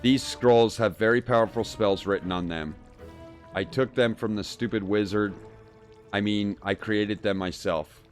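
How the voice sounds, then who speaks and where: Guy reading a whiny spoiled demon queen made of filth, low voice, game stuff. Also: fairly even intonation, unhurried, faint music behind, natural voice. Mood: gleeful. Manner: petulant, reading game dialogue aloud.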